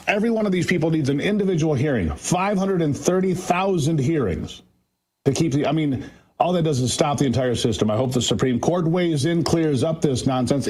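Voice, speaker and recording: Husky-voiced man talking politics. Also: on the high side, a little mellow. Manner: emphatic, folksy, many restarts. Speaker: guest commentator. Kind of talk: opinionated morning-show talk.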